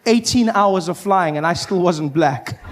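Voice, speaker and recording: A man's voice: sits high, measured pace, heavy background noise. A South African man doing a stand-up comedy set, wry and self-mocking, acting out people as he talks. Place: live comedy stage.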